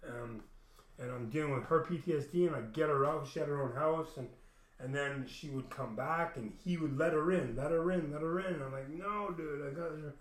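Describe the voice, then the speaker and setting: A man's voice: on the high side, brisk. Profane rambling man, echoey room. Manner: rambling, profane, restarts often, acts out other people's lines. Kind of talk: casual storytelling rant.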